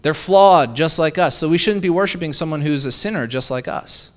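Explaining scripture in a fairly high voice, a preacher speaks conversationally to his listeners, asking rhetorical questions and often checking in with a quick "right?" A long reverb from a large hall follows his voice.

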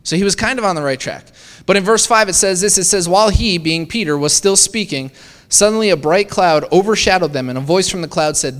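A man's voice: sits high, brisk, long reverb tail. A man preaching a sermon in a conversational way, often asking the listeners questions. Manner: conversational, asks the congregation rhetorical questions with frequent "right?".

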